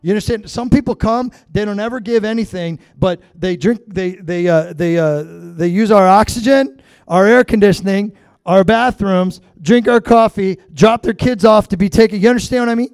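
A man's voice: high voice, normal speed, creaky, a little mellow, no room sound, studio quality. A middle-aged man preaching a sermon as pastor, talking straight to the congregation in a conversational way with frequent asides.

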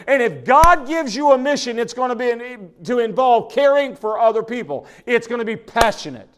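A man's voice: very high voice, animated, brisk, few pauses. A man from preaching a sermon in a folksy, conversational way, often restarting his phrases. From Oklahoma. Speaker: pastor.

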